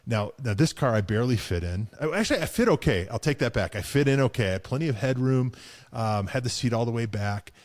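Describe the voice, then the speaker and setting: A man's voice: medium pitch, expressive, quick pace, a little mellow. A man co-hosting a car show, chatting casually with lots of fillers, restarts and chuckles. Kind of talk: casual chat.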